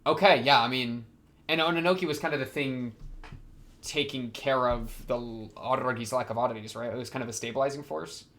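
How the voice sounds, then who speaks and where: A man hosting an anime reaction video, talking back to the screen and swinging from quiet muttering to excited outbursts. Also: medium pitch, brisk. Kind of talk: casual anime reaction commentary.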